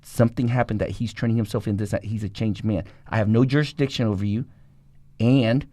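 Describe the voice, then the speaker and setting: A middle-aged man telling a rough life story in an interview, in a rapid, profane and animated way. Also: on the low side, no room sound. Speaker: guest.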